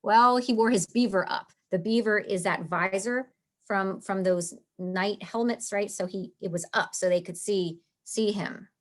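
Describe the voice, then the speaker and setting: A woman's voice: mid-range voice, measured pace. Chatty woman teaching a text. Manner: chatty, reads lines aloud, says "like" often. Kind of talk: casual explanatory lesson.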